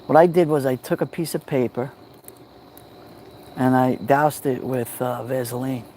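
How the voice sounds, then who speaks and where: A man with a New York accent hosting a relaxed livestream from a backyard fire pit at night, greeting viewers by name on a phone. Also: mid-range voice, measured pace, a little hiss or hum. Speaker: livestream host. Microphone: phone held near the fire.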